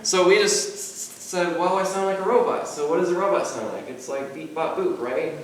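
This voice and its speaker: A man with a slightly high voice speaks casually on a convention panel, stumbling and repeating words in a mild natural stutter. He is far from the mic in a very echoey hall. A faint hiss sits under the room sound. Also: lively intonation, brisk. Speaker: convention panelist, mime performer.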